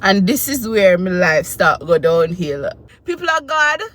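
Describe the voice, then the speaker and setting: A woman, telling a personal story in a casual, animated and emotional way. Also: fairly low pitch, a little slow. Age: 20s. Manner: animated, emotional retelling with quoted voices. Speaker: vlogger.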